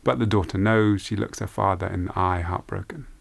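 A man telling a folk tale aloud in an unhurried, hushed way, with repeated phrases. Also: deep voice, steady tone, creaky. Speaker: storyteller. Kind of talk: oral folk-tale storytelling.

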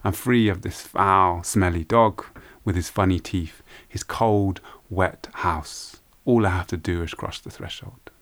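A man voicing a young daughter, spoken softly and low with a scornful edge. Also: unhurried, few pauses, no room sound. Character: young daughter, sharp-tongued but longing for home.

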